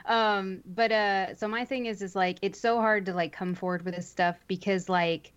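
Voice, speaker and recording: A woman's voice: medium pitch, steady tone, normal speed, smooth. Frank, chatty woman on muffled stream audio. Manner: frank, chatty, thinking aloud with fillers. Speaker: streamer, co-host. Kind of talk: casual chat on a livestream.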